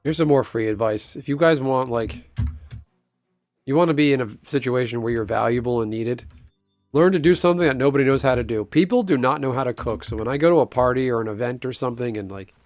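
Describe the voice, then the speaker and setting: A man's voice: medium pitch, fast, darkish tone, dry recording, soft background music. A man streaming a game and chatting casually, rambling, swearing freely and laughing often. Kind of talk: casual chat while gaming.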